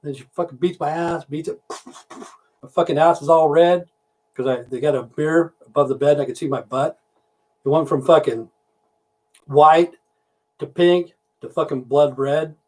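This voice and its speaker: A man's voice: fairly high pitch, normal speed, long pauses, a little mellow. A man who drives trucks and hosts a livestream, telling a long crude joke in a rambling, swear-heavy way. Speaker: livestream host. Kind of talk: casual livestream storytelling.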